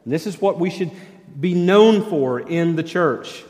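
Middle-aged pastor, light tenor, chatty and wry, sermon in a church with a lingering echo. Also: male voice, a little high, lively intonation, measured pace, darkish tone. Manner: conversational, self-deprecating humor. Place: church sanctuary. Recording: long church hall reverb.

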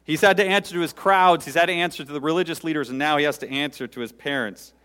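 A man's voice: fast talker, clear, resonant tone. Man preaching with big swells in a reverberant hall. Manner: dynamic preaching, sudden rises in pitch and volume, dropping to quiet asides. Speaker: pastor. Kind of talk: sermon.

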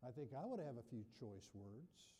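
A man's voice: mid-range voice, sing-song, moderate pace, mellow. A man preaching a sermon in a folksy, conversational way, often putting questions to his listeners. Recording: long reverb of a large hall.

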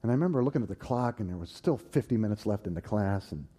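A man preaching and telling his own story, swinging from loud, animated bursts to hushed, tender tones. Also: lowish voice, quick pace, husky. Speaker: preacher giving a personal testimony. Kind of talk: sermon storytelling.

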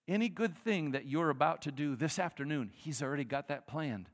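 A male pastor preaching a sermon in a conversational, animated way, acting out the people in the story. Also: fairly high pitch, brisk, few pauses, big-room sound. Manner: animated, conversational, acts out quotes.

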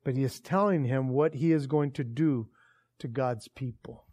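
A man preaching a sermon in a casual, animated storytelling way that builds in intensity. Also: mid-range voice, moderate pace, breathy edge. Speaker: pastor.

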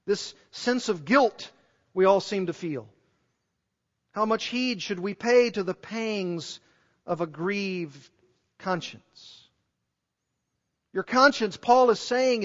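A man preaching a sermon in an earnest, emphatic way, pressing his listeners with repeated rhetorical questions. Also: high voice. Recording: dull recording with long hall reverb.

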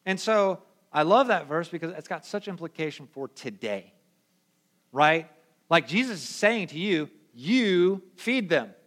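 A young adult male pastor giving a casual, conversational sermon in an animated, slangy way. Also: fairly high pitch, normal speed. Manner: animated, slangy, acts out quoted voices.

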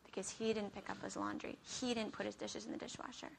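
A woman's voice: medium pitch, steady tone, fast, creaky, background noise. A woman giving a conversational Bible teaching into a handheld mic. She keeps checking in with "okay?" and acts out everyday scenes. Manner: chatty, checks in with "okay?" often.

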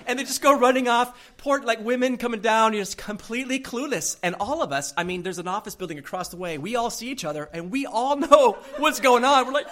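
A male pastor preaching a sermon, telling a story in an animated way and laughing often. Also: extremely high pitch, a little fast, few pauses.

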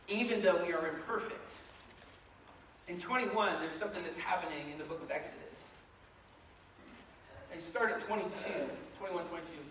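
A man preaching a sermon as a pastor, animated and joking, acting out voices as he goes. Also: fairly high pitch, background noise. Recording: echoey hall, mic far off.

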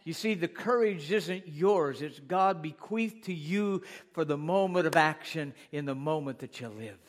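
A fairly high-voiced man preaching in a church. He leans on repetition and turns to the congregation again and again with questions. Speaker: pastor. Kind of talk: sermon.

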